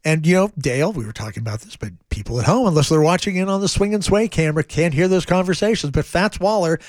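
A man's voice: a little high, lively intonation, fast talker, no echo, studio quality. A man co-hosting a radio music show, chatting casually and joking, laughing often. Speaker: radio co-host.

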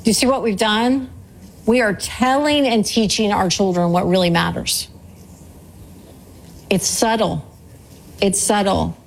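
A woman's voice: mid-range voice, measured pace, creaky, pauses often, a little hiss or hum, poor audio. A woman in her forties preaching a sermon on parenting in an earnest, conversational way, repeating her key points. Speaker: church speaker.

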